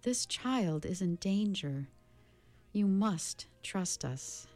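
A woman voicing a gentle, grave alien beast in a storybook, speaking slowly and searching for human words. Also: mid-range voice, lively intonation, dry recording, faint music behind. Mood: grave, soothing. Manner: slow, measured, searching for words.

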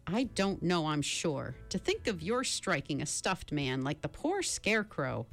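A plucky little girl speaks up earnestly and scolds when she is crossed, as a woman reading a storybook puts her on. Her voice rises and falls a lot. Soft music plays faintly underneath. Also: low voice, big pitch swings, unhurried, full character voice. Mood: indignant. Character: brave, indignant little girl.

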